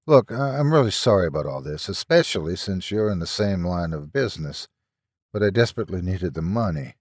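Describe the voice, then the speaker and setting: A young doctor, voiced by a man, speaks hesitantly and apologetically, tripping over the start of his lines. His voice moves lively up and down. The sound is dry and close. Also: sits low, a little fast, dry recording. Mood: uneasy.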